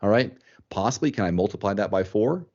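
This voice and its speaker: A man hosting a podcast in casual chat, animated, thinking aloud and repeating words as he goes. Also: fairly low pitch, brisk, muffled recording. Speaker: podcast host.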